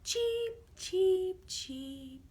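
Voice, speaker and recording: A woman's voice: very high voice, animated, extremely slow, mellow, pitched above the performer's own voice, exaggerated voice. A woman reading the lines of a small boy who cannot sleep, in a plain storybook voice. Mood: wistful.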